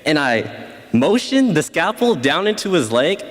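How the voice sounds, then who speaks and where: A man's voice: fairly high pitch, big pitch swings, a little slow. Brief: teen boy, casual storyteller, laughs at his own jokes, big echoing hall. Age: teens. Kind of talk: live story slam. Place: school event stage.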